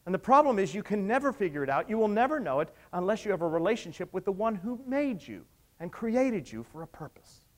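A man preaching a sermon, retelling stories dramatically and swinging between hushed and raised delivery. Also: sits high, big pitch swings, brisk.

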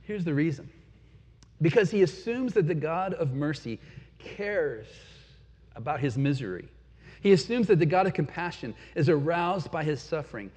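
Male pastor, earnest sermon delivery, slightly husky voice, long hall reverb on a dull recording. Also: on the high side, lively intonation. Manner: earnest, reflective, rhetorical questions, drops to quiet pauses.

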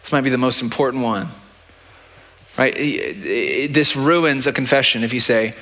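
A man's voice: medium pitch, moderate pace, sharp tone. A man preaching a sermon as pastor, talking in a conversational, practical way and often checking in with the listeners by asking "right?". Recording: long church-hall reverb.

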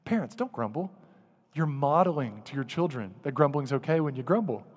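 A man preaching a sermon as pastor, lively and direct, sometimes acting out muttered grumbling. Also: mid-range voice, brisk, breathy edge, in a large hall. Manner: animated, acts out grumbling voices.

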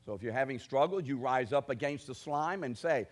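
A man preaching a sermon, asking his congregation direct questions and building to forceful declarations. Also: medium pitch, expressive, brisk, hardly any pauses. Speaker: pastor.

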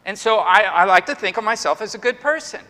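A man's voice: sits high, animated, quick pace, bright, forceful tone. A middle-aged male pastor preaching an earnest sermon, full of emphatic rhetorical questions. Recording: long hall reverb.

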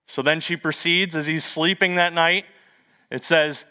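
A middle-aged male pastor preaching a sermon, telling stories in a lively way with humorous asides. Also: fairly high pitch, measured pace, smooth. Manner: lively storytelling with asides and self-deprecating humor.

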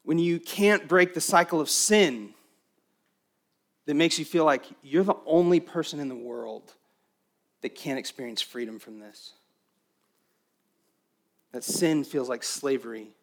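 A pastor delivering a sermon to his congregation, his voice sitting a little higher than most men's. He builds to emphatic, raised lines, then drops to quiet, intimate stretches. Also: a little slow, pauses often.

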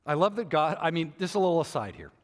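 In a large hall, a male preacher speaks quickly with a fairly high pitch and wide swings in intonation. He keeps repeating his points in new words for emphasis and puts rhetorical questions to his congregation.

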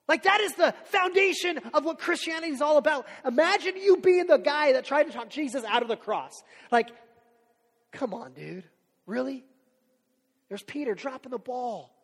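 Male pastor, high voice, chatty animated sermon, long hall reverb. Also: slightly rough. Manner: conversational, animated storytelling.

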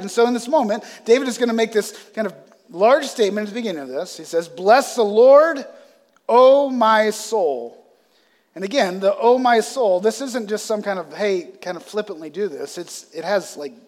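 A man preaching a sermon as pastor, swelling loud on scripture readings and dropping into casual asides. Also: high-pitched. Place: church sanctuary. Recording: long hall reverb.

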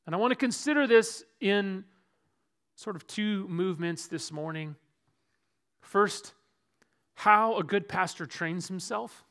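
A man preaches as pastor of a church, with a high voice. His tone is bright and forward, and his sermon moves between loud, emphatic stretches and quiet, dropped asides. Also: gravelly.

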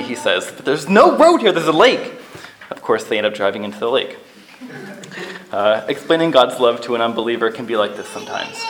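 A man's voice: medium pitch, a bit bright, a little hiss or hum, low-quality recording. Earnest man preaching a sermon. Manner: earnest, measured, briefly acts out quoted lines.

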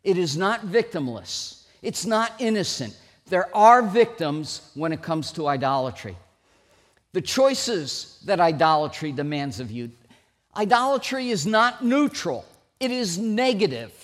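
A middle-aged man preaching a sermon, slow and emphatic, with sudden loud rises for stress. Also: sits high, very animated. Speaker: pastor. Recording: long hall reverb.

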